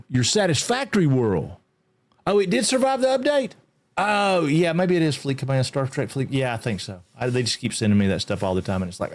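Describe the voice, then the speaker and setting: This is a middle-aged man hosting a relaxed game livestream. He rambles in an easygoing way. He greets his viewers by name as he chats. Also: mid-range voice. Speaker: game streamer. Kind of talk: casual livestream chat.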